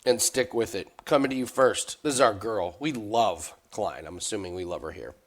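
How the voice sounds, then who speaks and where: A man talking casually as a sports betting analyst, excitable, laughing often and stammering through restarts. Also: on the low side, moderate pace. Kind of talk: casual podcast chat.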